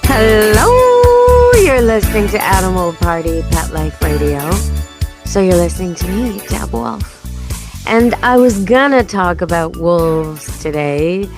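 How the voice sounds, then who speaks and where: A woman's voice: lowish voice, measured pace, music in the background. A woman hosting a pet radio show, chatting casually and playfully. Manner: chatty, playful, imitates animal sounds. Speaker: podcast host.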